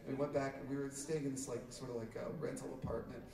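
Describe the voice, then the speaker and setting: A middle-aged man, a musician, rambles through a story for a concert audience on a concert hall stage, laughing often and full of fillers and restarts. His voice is medium-pitched, level, fast and creaky. An audience taper recorded it from the crowd, so the tape sounds roomy and distant, with a loud crowd behind him.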